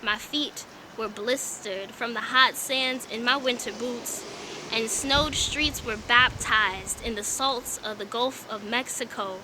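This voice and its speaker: A woman's voice: on the high side, slow pace, noisy background. A woman from Tampa with a Southern accent performing spoken word poetry in a rhythmic, emphatic way, then chatting about her start. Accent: Southern US, Tampa Florida. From Tampa, Florida. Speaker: poet.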